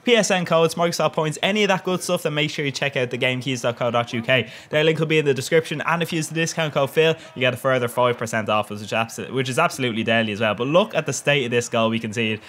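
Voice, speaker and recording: A man's voice: medium pitch, fast talker, hardly any pauses, a bit bright. Young man, cheeky, sweary, laughs a lot, casual game commentary. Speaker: gaming commentator.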